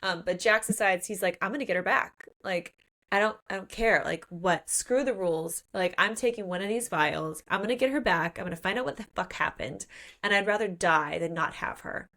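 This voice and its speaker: A woman's voice: medium pitch, a little fast, pushed and bright. A woman co-hosting a book podcast, retelling a plot in casual chat and acting out the characters' lines. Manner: frequent "like" fillers. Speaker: podcast co-host.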